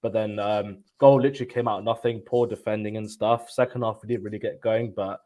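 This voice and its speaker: A man's voice: fairly low pitch, fairly even intonation, brisk, dark tone, rough recording. A man appearing as a guest on a live stream, talking casually and with frustration. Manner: frustrated, casual, lots of fillers. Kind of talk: casual chat.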